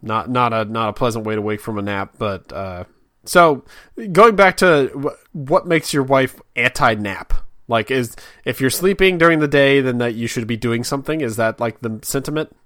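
A man's voice: mid-range voice, expressive, normal speed, a bit bright, dry recording. A man co-hosting a casual chat with dry, self-deprecating humor. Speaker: podcast co-host.

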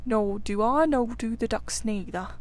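A woman voicing a good-natured, cheerful male water rat in a storybook reading, talking briskly and warmly. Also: fairly high pitch, close to an everyday voice.

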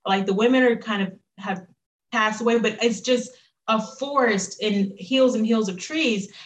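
A woman's voice: a little high, moderate pace. Woman guest telling her story, earnest and reflective, kinda echoey room. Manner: earnest, reflective, animated when quoting. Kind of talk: personal storytelling interview.

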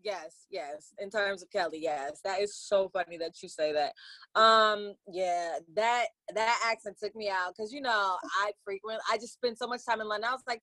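A young woman co-hosting a podcast in casual chat, animated and slangy, often acting out quotes. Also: mid-range voice, moderate pace, dry recording, poor audio. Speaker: podcast co-host.

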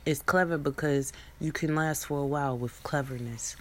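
A woman's voice: low voice, moderate pace, fairly bright tone. A young woman in a rambling, profane monologue, preaching at her viewers with many restarts and asides. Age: young adult.

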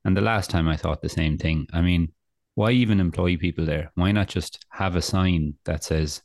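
A young Irish man with a very deep voice co-hosts a casual podcast. He rants sarcastically. The sound is dry and close. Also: steady tone, moderate pace, darkish tone, dry recording. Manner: ranting, sarcastic. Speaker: podcast co-host. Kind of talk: casual chat.

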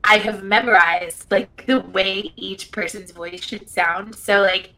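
A woman's voice: mid-range voice, fairly even intonation, slow pace, pushed and bright, low-quality recording. A middle-aged woman guest on a podcast, chatting casually in a brash, profane, giggly way. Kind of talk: casual chat.

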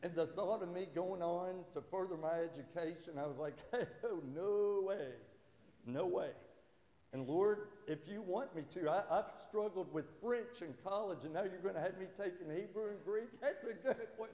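A man's voice: sits high, moderate pace, hardly any pauses, dark tone. A man preaching a sermon as a pastor in a church, with rising fervor. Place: church sanctuary. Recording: echoey hall.

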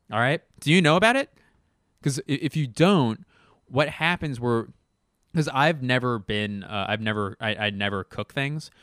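A man hosting a podcast, doing a casual comedic monologue. He rambles and swears, interrupts himself, and jumps into sudden animated exclamations. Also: medium pitch, smooth, no room sound, clean studio sound. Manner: rambling, profane, self-interrupting rant.

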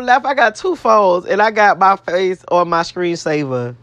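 Her fairly low, fairly bright voice is expressive and measured, with few pauses and no room sound. A vlogger talking casually to camera, she rambles to viewers in a brash, swearing, self-adoring manner and repeats herself.

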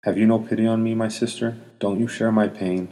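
A man reading the lines of a distraught young woman begging for mercy, his voice lifted a little and pushed louder. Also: on the low side, little pitch movement, fairly quick, pitched above the performer's own voice, close to an everyday voice. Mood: pleading. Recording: long hall reverb.

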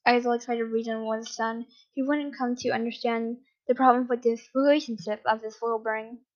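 A woman reading a story aloud at a steady pace, sometimes correcting herself. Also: a little high, a little fast, few pauses, lo-fi sound. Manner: steady with occasional self-corrections. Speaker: reader. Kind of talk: reading fan fiction aloud.

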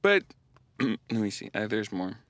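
A young man hosting a podcast, telling a story in casual chat, animated, often laughing and using lots of fillers. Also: on the low side, a little slow, dry recording. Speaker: podcast host.

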